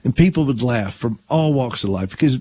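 Husky older man hosting talk radio. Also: medium pitch, animated, a little fast, mellow. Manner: earnest, conversational, with frequent restarts. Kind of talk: conservative Christian talk radio.

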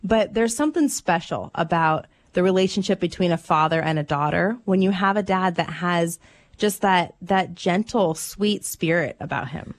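A woman's voice: fairly low pitch, moderate pace. Chatty woman radio co-host. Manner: chatty storyteller, laughs while telling. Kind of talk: casual radio chat.

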